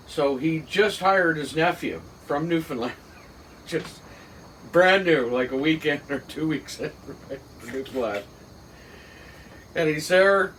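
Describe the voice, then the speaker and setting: A man with a Cape Breton accent telling a funny work story in casual chat, laughing and shouting the quoted lines. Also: fairly high pitch. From Cape Breton, Canada. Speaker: podcast host. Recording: distant mic with faint background noise.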